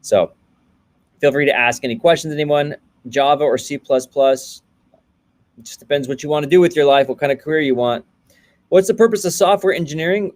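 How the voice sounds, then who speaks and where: A man's voice: a little high, a little mellow. A man in his thirties hosting a casual livestream, greeting viewers by name and answering programming questions in a loose, chatty way. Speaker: livestream host, coding coach.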